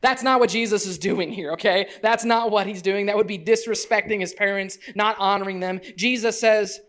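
Woman teaching a bible lesson, animated, talks like a parent, acts out quotes. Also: mid-range voice, moderate pace. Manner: parent speaking from family life.

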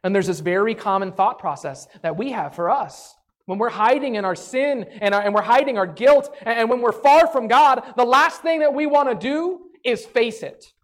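A man preaching a sermon, telling the story with animated, acted asides. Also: very high voice, moderate pace, hardly any pauses.

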